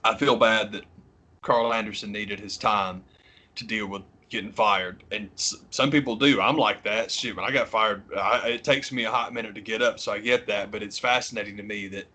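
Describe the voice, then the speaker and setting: A man co-hosting a podcast, talking casually and animatedly, swearing freely and sometimes mimicking people. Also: normal speed. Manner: animated, swears freely, mimics others in high squawky voices. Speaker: podcast co-host. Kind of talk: casual chat.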